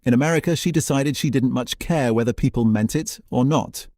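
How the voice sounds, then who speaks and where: Man, documentary narrator, measured, even, dry close sound. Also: mid-range voice, no echo.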